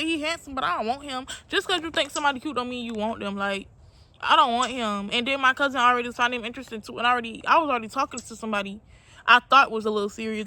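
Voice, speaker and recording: A woman's voice: high-pitched, bright, forceful tone. A young woman telling a personal story to her viewers in a casual, slangy, candid way, calling them y'all. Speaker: storytime vlogger.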